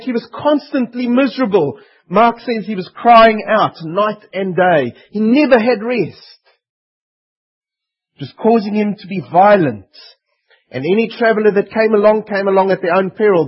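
Earnest guy preaching a sermon, high husky voice. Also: expressive, normal speed, highs cut off. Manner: earnest, emphatic, voicing pleading demons.

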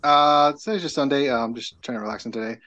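A man's voice: medium pitch, fast talker, sharp tone, highs cut off. A middle-aged man chatting as a podcast guest, rambling through a story with lots of fillers and restarts. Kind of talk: casual chat.

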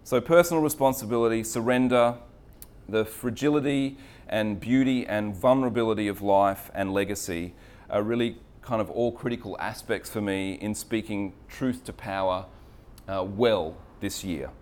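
A man's voice: lowish voice, normal speed, darkish tone. A man giving an earnest, reflective faith talk in an air-conditioned cafe. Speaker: speaker sharing faith reflections.

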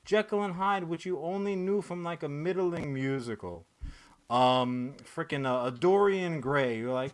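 A man's voice: on the high side, unhurried. A man hosting a podcast in casual chat, ranting with lots of swearing and filler words. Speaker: podcast host.

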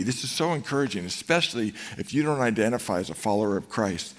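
A man's voice: mid-range voice, fast, hardly any pauses. A man in his fifties preaching a sermon to a congregation, telling stories and acting out the scenes in them. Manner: animated storytelling, acts out scenes. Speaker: pastor. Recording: long hall reverb.

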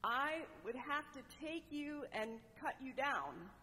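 A woman voicing a grave, loving male master of a garden in a parable who speaks slowly and tenderly. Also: sits high, animated, sharp tone, big-room sound, a little hiss or hum, exaggerated voice. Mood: grave tenderness.

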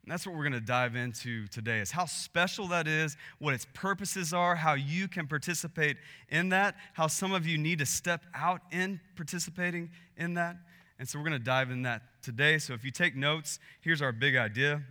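A man's voice: mid-range voice, moderate pace, pushed and bright, in a large hall. A man preaching a sermon as pastor, telling a story in an earnest way that builds in intensity.

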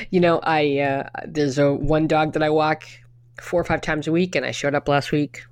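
A middle-aged woman with a fairly low voice talks in a loose, chatty way. She keeps restarting her sentences and drops in the occasional curse. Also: fairly even intonation, unhurried, long pauses. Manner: chatty storyteller with frequent restarts and swearing. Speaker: podcast co-host. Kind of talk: casual chat.

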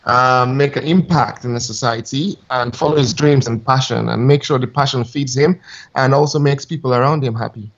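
A young man, chatting as a podcast guest and telling his story in a relaxed way. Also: mid-range voice, normal speed, highs cut off. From Nigeria. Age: young adult. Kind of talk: conversational interview.

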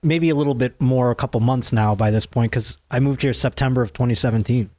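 A young man chatting casually on a podcast, relaxed and joking. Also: medium pitch, quick pace, no room sound, studio quality. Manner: joking, laid-back. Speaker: podcast guest. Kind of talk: casual chat.

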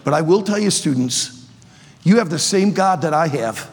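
Sixties male preacher, high husky voice, playful and shouty, long hall reverb. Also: expressive, moderate pace. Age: 60s. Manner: playful, joking, bursts into shouts. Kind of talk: energetic youth sermon.

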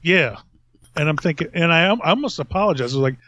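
A man's voice: a little high, fast, a bit bright, dry recording, dull audio. Rambling middle-aged man telling stories. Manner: rambling, self-mocking, laughs at own stories. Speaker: podcast host. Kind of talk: casual storytelling.

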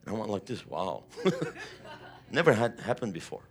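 A man's voice: fairly low pitch, lively intonation, racing. A man preaching a sermon, retelling a personal testimony with vivid, emotional storytelling. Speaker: pastor.

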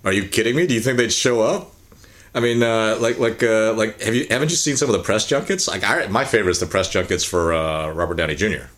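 A man with a low, deep voice chats loosely as a podcast co-host. He tells stories and jokes and slips into the voices of the people he quotes. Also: fast. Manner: animated storyteller, acts out quotes. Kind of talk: casual chat.

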